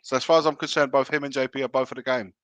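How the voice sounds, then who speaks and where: Male watch-along host, forceful tone, running commentary on the match with casual asides, dry sound. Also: medium pitch, little pitch movement, rapid-fire, dry recording. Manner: play-by-play calling of the action, chatty asides.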